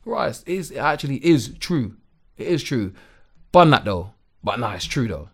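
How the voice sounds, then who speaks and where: A man's voice: mid-range voice, moderate pace, slightly rough. A young man, chatting animatedly as a podcast guest and using lots of slang. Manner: animated, slangy, repeats "bruv". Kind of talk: casual chat.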